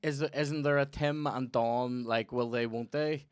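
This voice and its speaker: Young Northern Irish podcast host, mid-pitched, animated sweary anecdotes, dry close mic. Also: male voice, unhurried, clean tone, no echo. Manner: swears a lot, tells animated stories. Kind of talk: casual chat.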